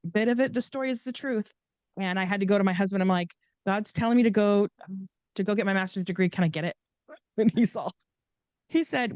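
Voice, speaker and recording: A woman who is an author appears as a podcast guest, rambling chattily through stories, laughing often and restarting sentences. Her fairly low voice is clear and resonant, with no room sound.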